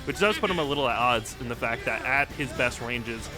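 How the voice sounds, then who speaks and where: A man's voice: mid-range voice, fairly quick, music in the background. A man chatting on a casual podcast, rambling through lots of fillers and swearing.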